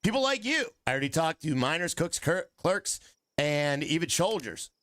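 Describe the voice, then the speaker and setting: A man reading as a scornful frontier hotel owner. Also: moderate pace. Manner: reading game dialogue aloud, lively swings in pitch.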